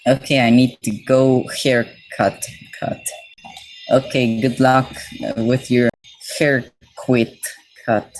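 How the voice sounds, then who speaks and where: A man's voice: mid-range voice, little pitch movement, slow, rough recording. A man from Mexico streaming live, reading dictionary definitions aloud and breaking off to chat casually with his viewers.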